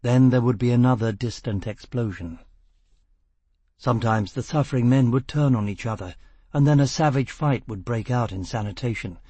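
A man narrating a novel in a measured, dramatic voice with steady pauses. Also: medium pitch, breathy edge, no echo. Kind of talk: audiobook narration.

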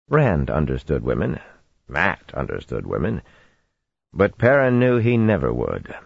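Very deep, husky male narrator. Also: no echo, muffled recording. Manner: steady storytelling with expressive swings. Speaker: audiobook narrator. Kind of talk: fantasy audiobook narration.

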